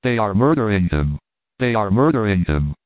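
A man's voice: fairly low pitch, sing-song, normal speed, dry recording. A man voicing a bold, impatient hunter who speaks with urgency and eagerness. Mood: urgent. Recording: tinny phone-like dry sound.

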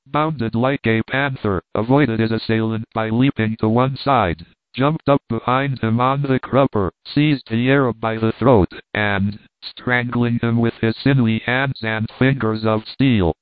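A man narrating an audiobook in a steady, measured way. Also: mid-range voice, no room sound. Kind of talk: audiobook reading. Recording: tinny phone-like dry sound.

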